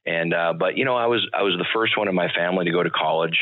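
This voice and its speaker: A man from northern Minnesota speaks as a podcast guest with a very low voice. He rambles in an easygoing, self-deprecating way, often restarting his sentences. The sound is thin and phone-like. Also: quick pace. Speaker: podcast guest, company CEO. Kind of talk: casual interview chat. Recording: tinny phone-like line.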